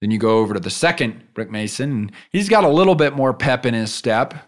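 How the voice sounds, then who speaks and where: A man hosting a business leadership podcast, giving an earnest motivational talk that swings from emphatic peaks to soft storytelling. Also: animated, brisk. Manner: drops soft and low when telling a story.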